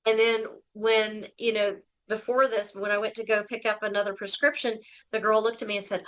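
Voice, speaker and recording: A woman's voice: medium pitch, level tone, brisk, hardly any pauses, fairly bright tone, rough recording. A woman telling her personal story as an interview guest, earnest and emotional, often restarting her sentences.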